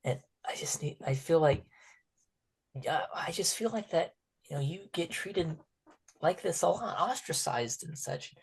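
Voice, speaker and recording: A man voicing a timid, lonely teenage orphan girl who speaks haltingly and softly, often slipping into a whisper. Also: a little high, animated, vocal fry, husky, heavily acted. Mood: pleading. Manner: hesitant, halting and soft-spoken, often whispering.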